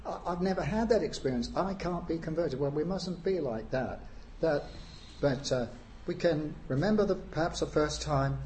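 A man preaching a sermon, unhurried, with frequent pauses and rising emphasis on key phrases. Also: medium pitch, a little mellow, slight background noise.

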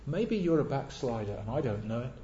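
A man's voice: medium pitch, sing-song, a little fast, mellow, slight background noise. A man preaching a sermon earnestly, asking rhetorical questions and repeating key words for emphasis. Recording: echoey, dull lo-fi church recording.

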